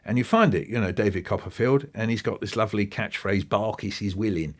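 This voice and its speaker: A man, an interview guest talking with lively enthusiasm and acting out bits of what he describes. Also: on the low side, quick pace. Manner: animated, quoting and acting out passages. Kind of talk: podcast interview.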